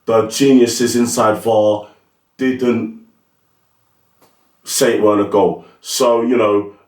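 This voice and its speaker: A man's voice: lowish voice, fairly even intonation, takes it slowly, a little mellow. A man giving blunt, opinionated, slangy football commentary as host of his own channel. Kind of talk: casual solo commentary. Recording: roomy, mic at a distance.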